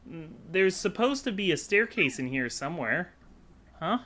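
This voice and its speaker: A man's voice: sits high, sing-song, moderate pace, a bit bright. A man giving rambling, casual commentary while playing a video game, chatty and self-deprecating. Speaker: video game let's-play host.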